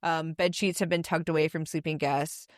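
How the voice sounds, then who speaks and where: Woman podcast host, lowish voice, casual and profane, reads stories aloud, dry close sound. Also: fairly even intonation, normal speed, no echo. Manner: casual, swears freely, reads passages aloud. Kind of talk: casual chat, reading ghost stories.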